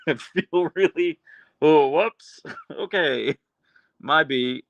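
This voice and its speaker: Casual streamer, male, deadpan dry delivery, bright gravelly tone, close dry sound. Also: on the high side, drawn-out words, pauses often, dry recording, lo-fi sound. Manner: chatty, earnest, with restarts and laughs. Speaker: livestream host reading chat. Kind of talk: casual live stream chat.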